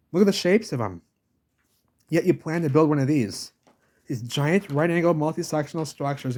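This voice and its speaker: A man's voice: mid-range voice, darkish tone. Ranting man filming a village walk. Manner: ranting, insistent, talks at the camera with repeated "baby". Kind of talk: casual walking-tour vlog monologue. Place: outdoors in a village street.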